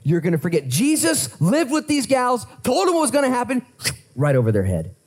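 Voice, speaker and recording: A man preaching a sermon as pastor, animated, conversational and playful as he talks through scripture. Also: extremely high pitch, fairly quick, slightly rough.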